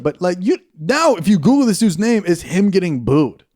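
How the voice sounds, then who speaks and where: A man's voice: high voice, sing-song, normal speed, darkish tone. A young man hosting a podcast, chatting casually and jumping into silly mock voices for laughs. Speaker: podcast host. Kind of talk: casual comedic chat.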